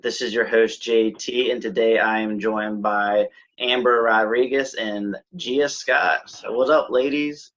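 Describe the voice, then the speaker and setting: A man hosting a wrestling podcast who talks in a relaxed, loose way with lots of fillers. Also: fairly low pitch, a little slow. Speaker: podcast host. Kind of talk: casual interview chat. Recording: dull lo-fi sound.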